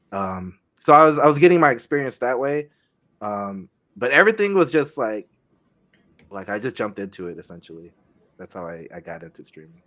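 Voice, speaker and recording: A young man talks on a podcast in a low-set voice. He speaks haltingly and softly, stopping and restarting often as he tells his story. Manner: halting, many fillers and restarts, soft-spoken. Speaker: guest streamer. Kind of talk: casual podcast chat.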